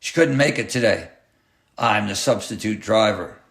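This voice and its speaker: On the low side and fairly bright, this natural male voice keeps a moderate pace while playing a cruel clown school-bus driver. He barks sneering, bossy threats in a menacing way, recorded in an echoey space.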